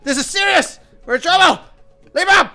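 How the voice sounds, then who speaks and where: A man's voice: lively intonation, normal speed, bright, forceful tone, exaggerated voice. A man voicing a panicked giant who shrieks for his friend to wake up. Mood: frantic. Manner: shrill, frantic, laughing. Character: panicked giant man, fake British accent dropped.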